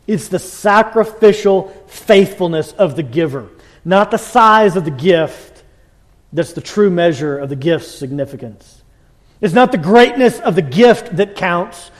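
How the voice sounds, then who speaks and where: Male preacher, high voice, animated delivery shifting loud to hushed, folksy tone. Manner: folksy storytelling. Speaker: pastor. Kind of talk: sermon.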